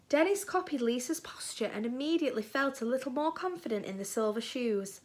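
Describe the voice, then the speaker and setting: A woman teacher reading a children's book aloud, gentle and expressive. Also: high-pitched, fairly quick, few pauses. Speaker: primary school teacher.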